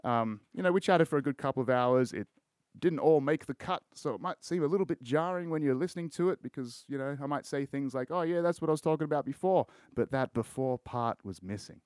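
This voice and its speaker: A man's voice: mid-range voice, fairly quick, a little mellow, no room sound, clean studio sound. Sweary, rambling Australian man. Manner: rambling, heavy swearing, crude jokes. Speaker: podcast host. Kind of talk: casual solo podcast chat.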